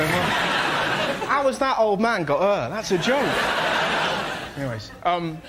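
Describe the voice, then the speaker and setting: Young guy doing stand-up bits, bit high voice, lots of hiss, studio crowd. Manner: animated storytelling, shrieking impressions. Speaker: comedian panellist. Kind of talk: stand-up comedy routine. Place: TV studio with live audience. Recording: loud noisy studio recording.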